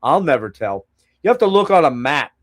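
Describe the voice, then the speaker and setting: A man's voice: on the high side, big pitch swings, fairly quick, fairly bright tone. A middle-aged man rambling casually to his live-stream viewers, swearing freely and wandering off on tangents. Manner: rambling, profane, chatting to viewers. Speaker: collector streaming a haul show.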